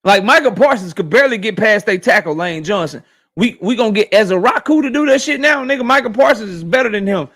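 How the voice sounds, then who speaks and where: High-voiced man ranting to his stream chat. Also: fast talker. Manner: profane, animated, talks straight to his chat. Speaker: boxing YouTube host. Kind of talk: casual livestream rant.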